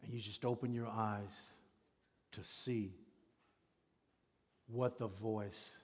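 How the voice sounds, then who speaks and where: A man's voice: on the low side, steady tone, takes it slowly, husky, big-room sound. A man preaching a sermon as pastor, with an emphatic, repetitive cadence.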